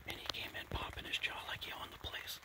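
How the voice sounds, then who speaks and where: This hunting vlog has a man whispering with excitement from a blind outdoors, trembling from adrenaline as he talks fast. He's a bear hunter filming on a handheld camera.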